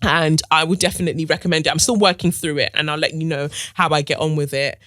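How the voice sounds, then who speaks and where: A woman's voice: low voice, steady tone, fast talker, a bit bright, dry recording. A woman hosting a podcast, giving outspoken, profane, slang-filled commentary. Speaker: podcast host.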